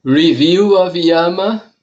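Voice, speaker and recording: Monk guy teaching yoga, slow and measured, short phrases one by one. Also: sits high, darkish tone, highs cut off. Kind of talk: spoken course lesson.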